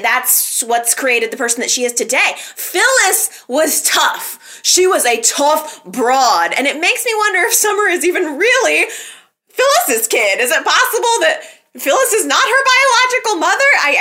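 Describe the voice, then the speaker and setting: Bright-voiced chatty woman recapping a soap. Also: high voice. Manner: chatty, gossipy, giggly asides. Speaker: soap opera podcast host. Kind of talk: casual recap commentary.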